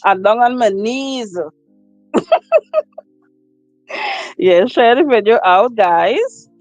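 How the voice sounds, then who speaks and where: A woman hosts a casual livestream, slowly reading viewer comments aloud, repeating herself and laughing often. Her voice is fairly high with lively intonation. Recorded on a phone, the audio is poor, with no room sound and faint music behind her.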